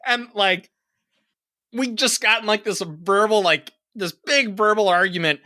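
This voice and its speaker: Animated swearing man telling a story. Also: high-pitched, measured pace, no echo, studio quality. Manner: animated, swearing, gets loud in quoted lines. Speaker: podcast co-host. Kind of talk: casual storytelling chat.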